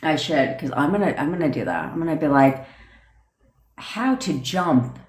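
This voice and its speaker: A woman's voice: deep voice, sing-song, quick pace, a little mellow, roomy sound. A woman who coaches manifestation, chatting casually on a livestream and reading out comments, with a lot of swearing, rambling asides and frequent laughter. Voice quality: profane, rambling, laughs often.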